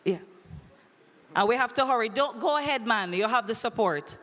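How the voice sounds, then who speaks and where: A woman emceeing a conference, running a brisk, playful audience quiz and teasing the crowd over a handheld microphone. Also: on the high side, animated, fairly bright tone. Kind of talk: lively audience quiz hosting. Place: large conference hall. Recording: long hall reverb.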